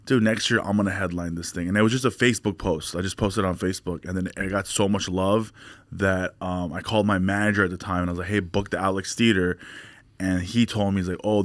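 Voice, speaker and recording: A man's voice: fast, no echo. A comedian in his forties from California, telling stories in a casual interview and acting out other people's lines. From Glendale, California. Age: 40s. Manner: animated storyteller, acts out quotes in higher voice. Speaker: stand-up comedian guest.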